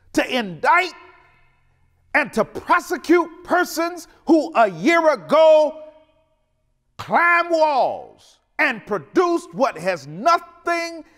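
High-pitched preaching man in a reverberant church. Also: a bit bright. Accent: Southern American. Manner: preaching with rising fervor, dramatic pauses. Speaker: pastor. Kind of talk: sermon. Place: church sanctuary. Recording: long reverb of a church hall.

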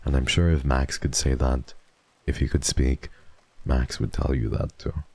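Young male streamer, very low and warm, close dry mic, repetitive and affectionate. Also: flat delivery, unhurried, no room sound. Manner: rambling, repeats himself, soft and affectionate about dogs. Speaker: streamer host. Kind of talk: casual livestream chat.

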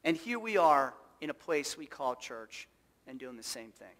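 A man's voice: mid-range voice, sing-song, normal speed, fairly bright tone, in a large hall. A male pastor delivering a sermon, emphatic and full of rhetorical questions to the congregation. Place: church sanctuary.

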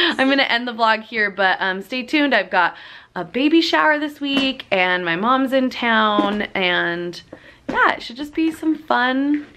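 A woman's voice: fairly high pitch, sharp tone, a little hiss or hum. Giggly young woman vlogging at home. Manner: chatty, giggly, apologetic. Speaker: family vlogger. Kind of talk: casual vlog chat to camera. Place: at home indoors.

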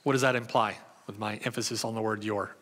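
A man's voice: fairly low pitch, steady tone, brisk, fairly bright tone. A pastor giving a conversational sermon, reading scripture and putting questions to his congregation. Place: church hall. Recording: long hall reverb.

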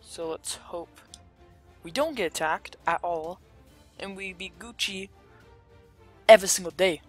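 A YouTuber giving chatty, rambling commentary over a pirate game, with sudden loud excited outbursts. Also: mid-range voice, measured pace, faint music behind. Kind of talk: gameplay commentary.

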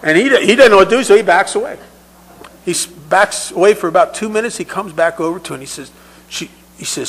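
Telling personal stories at a recovery meeting, a man talks fast in a high voice with vocal fry, a slight brightness and some roughness. His delivery is conversational, with words often repeated as he restarts, and the recording itself is rough.

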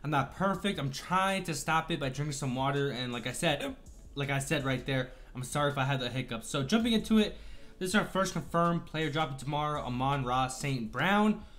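A man's voice: mid-range voice, a little fast, a bit bright. A man hosting a gaming channel, talking through game cards in a chatty, upbeat way and apologizing for slips while he has the hiccups. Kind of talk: casual video game commentary.

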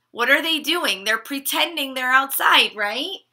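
A woman reading a picture book to children at home, pausing to ask them questions about feelings. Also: high-pitched. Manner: asks children questions, expressive. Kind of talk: children's story time read-aloud. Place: living room at home.

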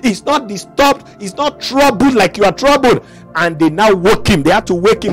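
A man preaching in a sing-song, impassioned style and leading shouted prayer chants. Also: high voice, animated, moderate pace, soft background music.

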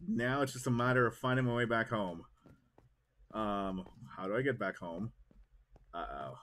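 A young man giving excitable, jokey live commentary while streaming a game. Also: lowish voice, normal speed.

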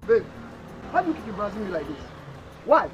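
An actor with a Nigerian accent playing a defensive young boyfriend who snaps back with mocking retorts. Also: male voice, high voice, big pitch swings, music in the background. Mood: irritated. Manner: fast, exasperated retorts.

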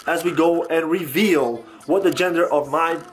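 A young man chatting excitedly to his viewers in a casual vlog. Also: on the high side, moderate pace. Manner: upbeat, chatty, talks to the viewers. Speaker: vlogger.

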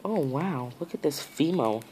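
A woman in a casual unboxing vlog, gushing and excitable, full of gasps and exclamations. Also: low-pitched, background noise. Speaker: nail art vlogger.

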